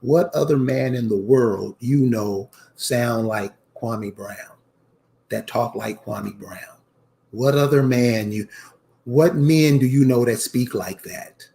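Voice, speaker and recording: Taking it slowly, this channel host has a mid-range voice that is gravelly and mellow. His casual commentary turns preachy and emphatic as he repeats lines and calls out to his viewers, whom he calls "y'all."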